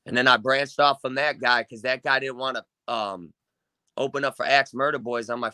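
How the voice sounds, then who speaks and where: A man's voice: medium pitch, steady tone, moderate pace, sharp tone, smooth, no echo. A young man from Wisconsin, a guest musician telling rambling, profane stories in casual chat. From Kenosha, Wisconsin. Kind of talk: casual storytelling.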